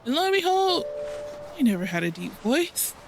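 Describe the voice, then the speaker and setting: Woman, gaming host, casual rambling chat, fairly high voice, frequent laughs, home desk mic, game music behind. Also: sing-song, normal speed. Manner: rambling, laughs often, self-interrupting. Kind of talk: casual chatty let's play commentary. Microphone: home desk microphone.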